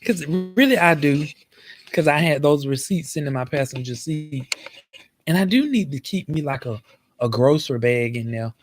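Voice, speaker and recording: A man hosting his own show tells a personal story in a loose, chatty way. He is animated and circles back over the same phrases as he goes. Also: a little high, normal speed, soft background music. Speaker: host. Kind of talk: casual storytelling.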